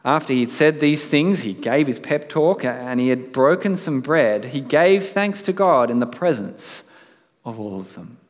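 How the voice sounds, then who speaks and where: A man's voice: mid-range voice, lively intonation, unhurried. A man preaching a sermon in a conversational way, now and then reading aloud with dramatic emphasis. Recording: long hall reverb.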